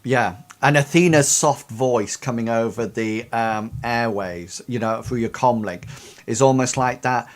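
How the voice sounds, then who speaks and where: Guy running a tabletop game, lots of ums and restarts, mid pitch. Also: measured pace. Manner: hesitant, many fillers and restarts. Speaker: game master.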